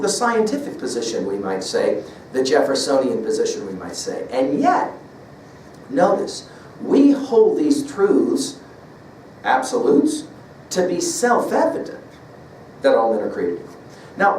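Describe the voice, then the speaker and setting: A man's voice: mid-range voice, a little hiss or hum. Man lecturing in an echoey room. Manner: measured, emphatic, reads quotes aloud with stress on key words. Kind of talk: recorded lecture. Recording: echoey room from a distance, faint ambience.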